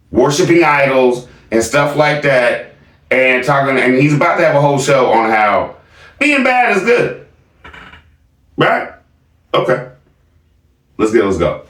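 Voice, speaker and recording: A man's voice: medium pitch, fairly bright tone. A male vlog host giving sarcastic, laughing reaction commentary. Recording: echoey room, distant mic.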